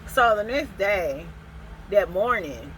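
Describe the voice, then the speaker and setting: A woman vlogger telling a casual storytime in an animated, expressive way, laughing often. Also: medium pitch, slow, a little hiss or hum, low-quality recording.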